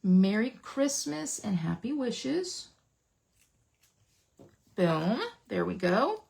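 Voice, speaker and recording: A woman leading a casual live papercraft demo, chatty, playful and excitable, often dropping into gushing whispers. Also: medium pitch, extremely slow, creaky, slight background noise. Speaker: papercraft demonstrator.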